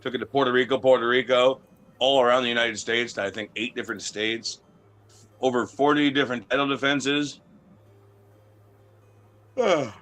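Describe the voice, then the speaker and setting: A man's voice: medium pitch, fairly even intonation, normal speed, long pauses, fairly bright tone. A man being interviewed as a wrestling champion, talking in a brash, boastful, profane way and telling stories casually.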